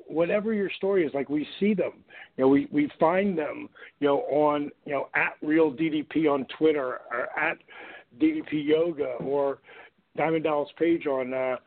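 A middle-aged man hosting a radio show, chatting in a casual motivational way, full of fillers, acting out quotes as he tells stories. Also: fairly high pitch. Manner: animated storyteller, acts out quotes, many fillers. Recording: tinny phone line.

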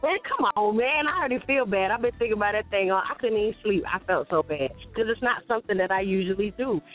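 A woman's voice: medium pitch, expressive, quick pace. Earnest woman on a tinny phone line. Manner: earnest, apologetic, laughs easily. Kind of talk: casual morning show chat. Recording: tinny phone-like sound with faint music.

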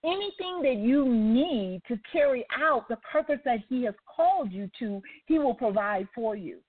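The talk radio host's voice is a little high and expressive, at a moderate pace. She's giving a motivational monologue, retelling a story with asides and turning it toward a faith-based lesson, and the line sounds tinny, like a phone.

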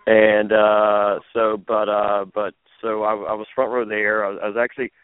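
A man's voice: fairly low pitch, little pitch movement, moderate pace, smooth, no echo. A man telling stories as a podcast guest, rambling with many restarts and fillers. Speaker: podcast guest, former reality show contestant. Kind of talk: casual interview storytelling. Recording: phone-like lo-fi audio.

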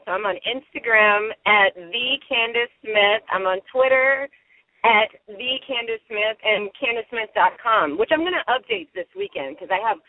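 A woman's voice: on the high side, no echo. Woman guest on the phone, chatty storyteller, tinny dry line. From Ohio, US. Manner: chatty, laughing, animated storyteller. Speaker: guest matchmaker. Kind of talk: casual phone interview.

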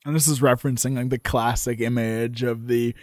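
A man's voice: medium pitch, level tone, fairly quick, no echo, clean studio sound. A man co-hosting a podcast in casual chat, dropping jokey asides. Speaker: podcast co-host.

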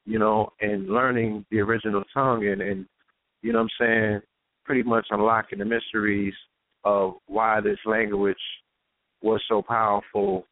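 A man's voice: fairly low pitch, flat delivery, moderate pace. A man hosting a casual radio discussion, asking long, searching questions filled with "you know what I'm saying.". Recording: dry, tinny phone line.

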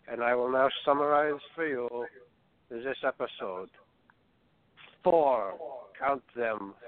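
Brief: man putting on a German-accented director, bleak and slow, low-pitched, thin phone-like sound. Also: natural voice. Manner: slow, solemn, bleakly insulting. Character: impression of a famous German film director, male, gloomy.

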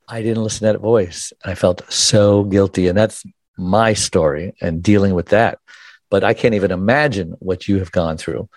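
A male interview host with a lowish voice speaks in an earnest, personal way. The sound is dry and close, with no room around it. He asks his questions in a conversational tone. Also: fairly even intonation, normal speed, darkish tone, dry recording. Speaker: podcast host.

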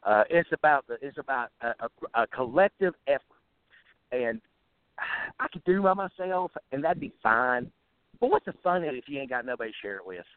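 Speaking in a mid-range, smooth voice that's animated and a little fast, a man with a rural American Southern-style drawl rants bluntly and profanely as a musician interview guest. He's fired up, stumbling and restarting repeatedly. It's a phone interview on a tinny line, recorded dry.

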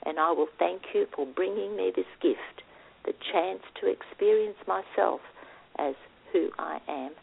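A woman's voice: fairly low pitch, a little slow, gravelly, husky, exaggerated voice. A woman reading aloud as a small, eager, childlike soul in a storybook, earnest and wondering. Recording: phone-like line.

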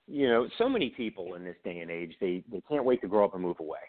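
A guest on an interview show, this author and production company CEO from the Baltimore area of Maryland speaks with a Baltimore accent in a low-pitched, fast voice. He tells animated anecdotes in casual interview style, acting out the voices of people he quotes and restarting often. The audio is tinny, like a phone.

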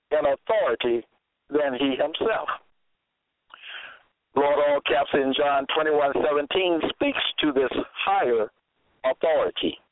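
Man preaching slowly and emphatically, dry tinny phone-line sound. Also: medium pitch, no echo. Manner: measured, emphatic, repeats key phrases. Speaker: preacher presenting a case. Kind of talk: slow deliberate sermon.

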